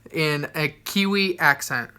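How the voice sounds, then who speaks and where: A woman chatting casually on a home livestream, playful and jokey, tossing in quick asides. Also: low-pitched, pushed and bright, clear, resonant tone. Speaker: livestream co-host. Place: home, indoors.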